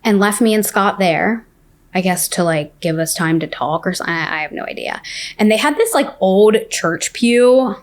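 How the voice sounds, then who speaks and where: A young adult woman telling a personal story in casual speech, full of "like" and quick restarts. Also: mid-range voice, animated. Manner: fast, filler-heavy telling with many "like"s. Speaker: guest sharing her story.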